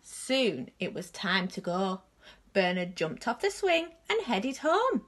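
A woman from a nursery reading a children's story aloud with slow, expressive delivery. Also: medium pitch.

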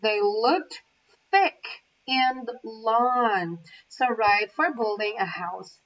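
A woman's voice: fairly high pitch, drawn-out words, a bit bright. A woman training as an English teacher, reading a children's story aloud carefully, with small asides. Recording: muffled, from far off the mic.

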